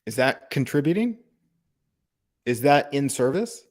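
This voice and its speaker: A man giving a calm, reflective spiritual talk on a live broadcast, asking gentle rhetorical questions. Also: mid-range voice, a little slow. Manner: calm, contemplative, asks rhetorical questions, laughs softly.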